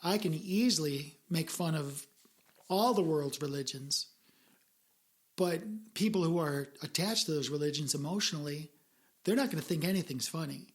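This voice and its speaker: A woman's voice: low voice, moderate pace. Earnest, reflective woman podcast co-host. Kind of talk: casual podcast conversation.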